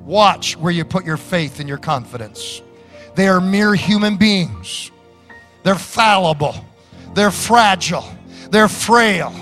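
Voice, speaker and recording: Brief: male pastor preaching in a church, unhurried and drawn-out, sharp bright tone, emphatic lifts. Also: high voice. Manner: slow, emphatic preaching with laughs and sudden lifts. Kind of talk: sermon.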